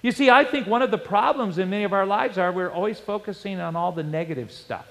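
A male pastor preaching a sermon, animated and storytelling, with rhetorical questions to the congregation. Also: high voice, fast talker. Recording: long hall reverb.

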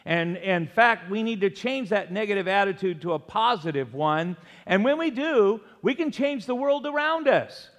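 Guy preaching, high voice, emphatic, lots of long echo like a big church. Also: a bit bright. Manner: emphatic preaching with call-and-response prompts. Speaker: pastor. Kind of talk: sermon. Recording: long hall reverb.

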